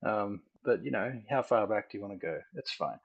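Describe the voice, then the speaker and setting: A man running a tabletop role-playing game as game master, casual and joking, slowing down to set scenes. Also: lowish voice, animated, creaky, slightly rough, highs cut off. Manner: casual, joking, with slow vivid scene-setting.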